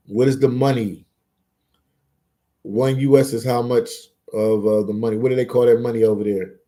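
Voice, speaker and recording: A man's voice: fairly low pitch, warm tone. A man hosting a casual live stream, reading chat aloud and bantering, repeating words and phrases as he goes. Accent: Philadelphia.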